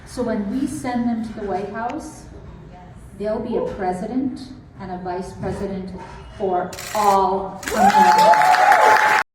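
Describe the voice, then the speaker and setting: A middle-aged woman from southwestern Minnesota giving a measured, emphatic campaign speech, with folksy asides. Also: medium pitch. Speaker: political campaign speaker. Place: restaurant event room. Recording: echoey, distant room recording with crowd noise.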